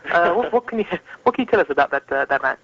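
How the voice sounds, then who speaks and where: A man's voice: sits high, animated, quick pace, no room sound. Guy hosting a podcast, reads listener questions all hesitant, sorta muffled sound. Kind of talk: interview questions.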